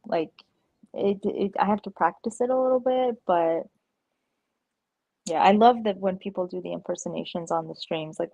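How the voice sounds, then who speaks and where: A woman with a lowish, dark voice and vocal fry chats casually as a guest on a livestream, with no echo in the recording. She rambles, says "like" a lot, laughs often and slips into playful impersonations.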